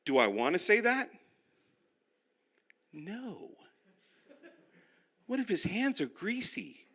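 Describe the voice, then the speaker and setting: A man's voice: sits high, sing-song, slow pace, pushed and bright, breathy edge. A male pastor teaching a class, who tells stories with self-mocking humor and speaks straight to the room. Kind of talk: humorous sermon-style teaching.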